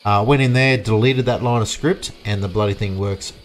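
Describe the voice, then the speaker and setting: Soft background music plays as an Australian man livestreams a farming game, chatting with viewers and rambling casually. His voice sits on the low side at normal speed.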